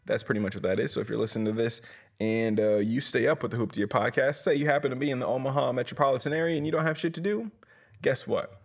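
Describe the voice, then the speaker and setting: A man's voice: mid-range voice, fast talker, vocal fry, slightly rough. A young man hosting a comedy podcast, rambling through profane, jokey plugs for his shows. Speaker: podcast host and comedy promoter. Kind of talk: casual comedic rant.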